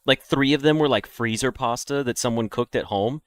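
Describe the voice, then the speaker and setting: A man's voice: mid-range voice, normal speed, smooth, no room sound. A man giving casual, rambling let's-play commentary with profane, laughing asides. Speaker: gaming video creator.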